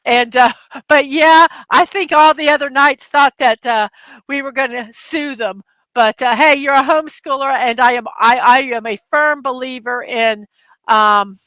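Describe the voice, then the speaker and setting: Chatty woman with a bright, forceful voice. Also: high voice, a little slow, no room sound. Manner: rambling storyteller, many fillers and laughs. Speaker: livestream host. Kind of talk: casual livestream chat.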